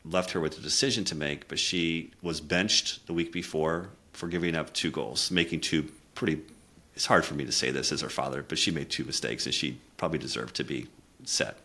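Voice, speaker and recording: Here a middle-aged man, a communication coach, relates a frank personal story in a steady bass voice at a slightly quick pace. He is sincere and introspective, his voice dropping during emotional parts.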